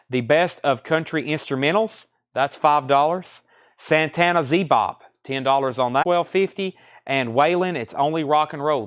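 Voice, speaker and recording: A Southern-accented man runs a live-stream record auction, calling out titles and prices at a brisk clip and tossing in joking asides. His voice comes through smooth and clear. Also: mid-range voice, fairly bright tone. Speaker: live record sale host.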